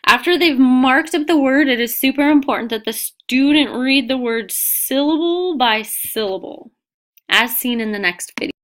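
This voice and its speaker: A woman with a somewhat high voice narrates an instructional video for teachers. She lays out each step in a plain, orderly way. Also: lively intonation, moderate pace, a bit bright. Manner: clear, step-by-step explaining.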